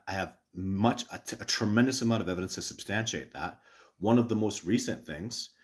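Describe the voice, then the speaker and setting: A man hosting a live stream, answering chat questions in an excitable, emphatic way, repeating words and restarting sentences, with loud bursts on sudden words. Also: sits low. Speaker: host of a live show.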